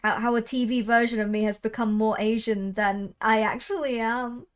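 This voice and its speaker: Chatty young woman streamer, slightly high voice. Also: steady tone, normal speed. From Thai heritage. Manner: chatty, laughs often, trails off. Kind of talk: casual chat on a livestream.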